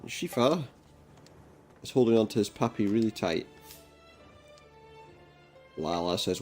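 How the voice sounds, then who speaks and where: A man doing casual gameplay commentary, reading the game's dialogue aloud in a flat voice with dry, jokey asides. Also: on the low side, a little slow, pauses often, soft background music. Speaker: let's play commentator.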